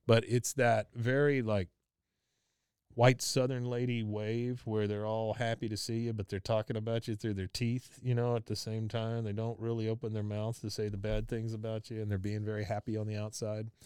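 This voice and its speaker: Male podcast host, casual recap, smooth clear voice, dry close mic. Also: lowish voice, darkish tone, no room sound. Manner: chatty, laughs often, many fillers.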